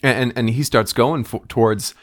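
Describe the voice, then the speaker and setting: A man's voice: mid-range voice, fairly even intonation, normal speed. Guy telling a made-up jungle story, stumbles over words, laughs a lot. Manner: stammering restarts, laughs often. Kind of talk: improvised comedic storytelling.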